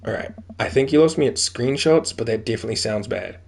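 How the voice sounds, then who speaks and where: A man's voice: mid-range voice, lively intonation, fast talker, gravelly, a little mellow. A young man casually reading a dating game aloud, joking and reacting as he plays, with a faint hiss behind him. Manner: jokey, reacts aloud and reads dialogue. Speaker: gameplay commentator.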